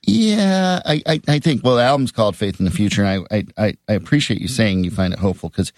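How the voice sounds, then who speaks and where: Halting, animated deep-voiced male musician. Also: no room sound, clean studio sound. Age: middle-aged. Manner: halting, repeats words, animated. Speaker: musician guest. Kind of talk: casual interview.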